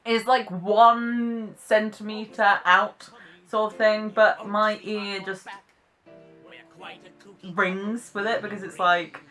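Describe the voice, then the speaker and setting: A young British vlogger with a posh English accent offers casual commentary in a bright, clear, medium-pitched voice. Her lively, theatre-trained delivery is slow and crisply enunciated, with faint music in the background.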